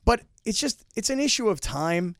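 A man's voice: sits high, very animated, a bit bright, no room sound, studio quality. A man co-hosting a sports talk show, bantering in a playful, joking way. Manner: playful, joking, quick to laugh. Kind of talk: casual banter.

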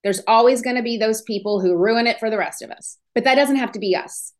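A woman hosting a podcast, giving an energetic, emphatic motivational talk on business and selling. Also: a little high, a little fast. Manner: energetic, emphatic, acts out inner voices. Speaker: podcast host.

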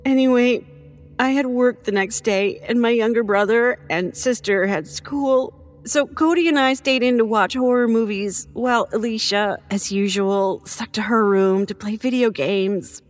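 A woman narrating a first-person horror story in an expressive, measured storytelling manner. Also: medium pitch.

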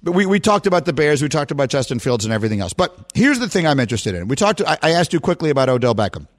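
A man's voice: on the high side, sing-song, rapid-fire. Chatty male sports radio host.

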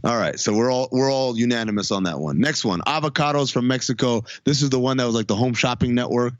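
A man's voice: mid-range voice, quick pace, no echo, dull audio. A man hosting a casual podcast chat, leading the segments in a blunt, joking way. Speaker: podcast host.

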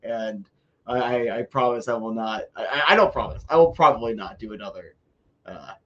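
A man's voice: fairly low pitch, normal speed, a bit bright, muffled recording. A man co-hosting a casual hockey podcast, chatty and self-deprecating, often stumbling over repeated words. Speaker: podcast co-host. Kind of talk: casual sports podcast chat.

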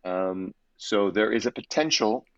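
A man, an actor and guest in an interview, telling stories in an animated and expressive way with frequent restarts. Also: on the low side, a little slow, dry recording. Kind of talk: conversational interview storytelling. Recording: slightly dull, dry audio.

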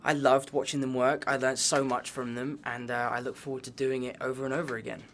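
A man's voice: mid-range voice, little pitch movement, fairly quick, fairly bright tone, slight background noise. A man from England with a Southwest London accent, an actor guest answering press interview questions in an upbeat, easygoing way. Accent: Southwest London English.

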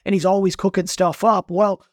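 Male sports reporter, quick and high-pitched, animated storyteller, dry close mic. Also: dry recording. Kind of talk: casual podcast chat.

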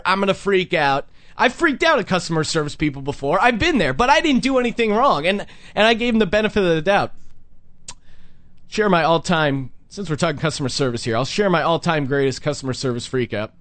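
A man's voice: high voice, no room sound. A young adult man hosting a podcast, telling a story in casual chat and acting out the people he quotes. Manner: animated, acts out people he quotes. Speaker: podcast host.

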